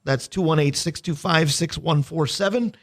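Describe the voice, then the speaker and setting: Upbeat higher-voiced radio host. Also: male voice, normal speed. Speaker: radio sports show host. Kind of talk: casual sports radio chat.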